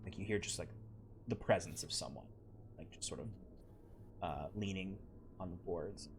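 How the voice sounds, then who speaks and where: A man's voice: low-pitched, moderate pace, background noise. A man narrating as game master of a tabletop game, rambling with many fillers.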